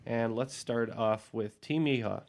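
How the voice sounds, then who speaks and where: A man in an easy, conversational voice runs a trivia game. His pitch sits in a typical middle range. He reads each question briskly and moves the game along. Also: a little mellow. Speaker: quiz host. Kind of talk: casual podcast trivia hosting.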